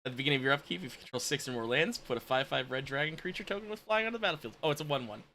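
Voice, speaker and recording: Guest on a stream: relaxed man, fairly high voice, bright and forceful, casual chat. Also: very fast, a little hiss or hum. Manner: easygoing, chatty with frequent fillers.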